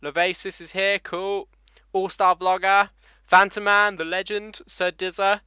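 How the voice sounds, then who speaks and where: A man's voice: sits high, level tone, unhurried, sharp tone, clear, resonant tone, no room sound. A young man with an English accent hosting a casual motorcycle live stream, swearing freely and laughing as he greets viewers by name. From England. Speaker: motovlogger host.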